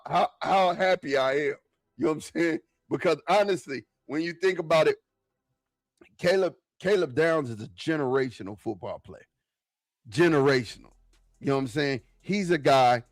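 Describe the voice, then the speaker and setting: Excitable, fast-talking football fan man. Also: fairly high pitch, dry recording. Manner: excitable, animated, slangy, repeats himself. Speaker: football podcast guest. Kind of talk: casual sports talk.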